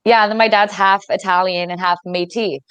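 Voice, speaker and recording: A woman's voice: medium pitch, fairly even intonation, brisk, a bit bright, smooth, dry recording. A young Canadian woman in her twenties, a wrestler chatting candidly in an interview and laughing often. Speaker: wrestler guest. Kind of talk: casual interview chat.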